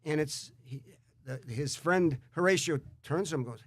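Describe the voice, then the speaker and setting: Animated, repetitive male interview host. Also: fairly high pitch, normal speed, no echo. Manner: animated, repeats words, quotes Shakespeare. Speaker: show host. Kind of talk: conversational interview.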